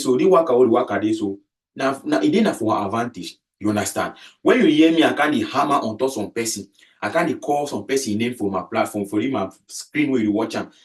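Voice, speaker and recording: A man with a Cameroonian accent talks through politics in an emphatic, repetitive way. His voice sits at a middle pitch and comes across slightly far from the microphone. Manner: emphatic, repeats key phrases. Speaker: political commentator. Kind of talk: casual video commentary.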